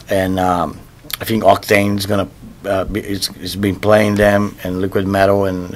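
Man, lowish voice, casual interview talk, rambling, repeats himself. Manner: loose, rambling, repeats words while searching for them. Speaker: musician interviewed about his album.

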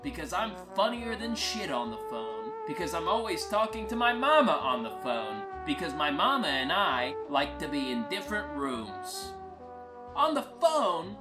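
A woman telling a crude, wry first-person comic story in a deadpan way. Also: lowish voice. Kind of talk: first-person comic monologue over music. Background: acoustic guitar music.

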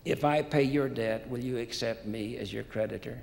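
Brief: man reading a calm, steady mediator with a gravelly voice and a long hall echo. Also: mid-range voice, moderate pace, lightly acted. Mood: assured. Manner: calm, assured. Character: calm loving male mediator and friend. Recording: long hall reverb, faint noise.

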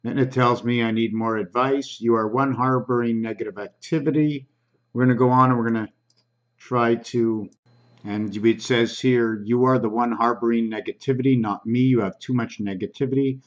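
A man hosting his own channel, slowly reading comments aloud in a halting, casual way with frequent ums. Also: mid-range voice, steady tone, lo-fi sound.

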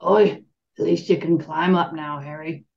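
A woman's voice: sits low, fairly even intonation, unhurried, creaky. Woman doing a soothing giant groundskeeper man. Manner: soothing, coaxing. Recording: dull lo-fi sound.

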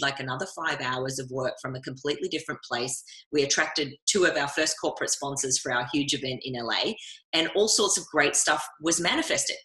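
A woman's voice: low-pitched, pushed and bright, echoey room, rough recording. A woman talking as a guest in a casual interview, upbeat and coaching in tone. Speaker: guest speaker.

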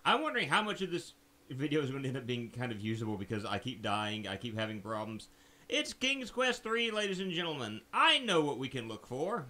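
A man's voice: mid-range voice, sing-song, fast talker, sharp tone. A young man doing casual let's play commentary at a desk mic at home, reading the game's text aloud and cracking sarcastic jokes.

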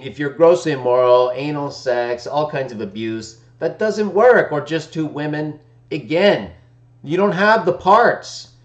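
A man hosting a live Bible discussion, arguing his points in a casual preaching style and tagging them with "right?" and a short chuckle. His voice sits a bit high for a man and still sounds unwarmed from the morning. The stream audio is dull and lo-fi, with an echoey room around him. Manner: argumentative, keeps asking "right?" with short chuckles. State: voice not fully warmed up in the morning. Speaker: host of a daily Bible-text live stream.

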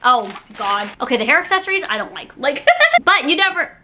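A young woman vlogger with a bright, fairly high voice talks through an unboxing in a loose, chatty way. She giggles often and leans on "like" in nearly every sentence. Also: sing-song, brisk, slight background noise. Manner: chatty, giggly, heavy use of "like". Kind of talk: casual unboxing chat.

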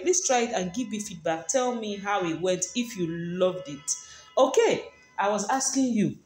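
A woman's voice: lowish voice, darkish tone. Chatty woman cooking in echoey kitchen. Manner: chatty and playful, addresses viewers directly. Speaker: cooking channel host. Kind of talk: cooking demonstration vlog. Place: home kitchen.

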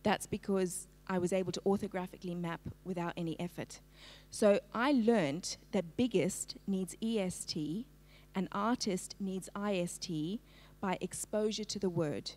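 Lively woman presenting a literacy talk. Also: mid-range voice, a little slow. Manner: lively, engaging, asks the audience for a show of hands. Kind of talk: live-streamed talk to parents.

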